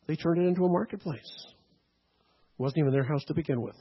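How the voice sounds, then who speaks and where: Male pastor, teaching sermon, slightly raised pitch, husky, muffled recording. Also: brisk, long pauses. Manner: teaching tone, frequent "okay?" and "right?" checks.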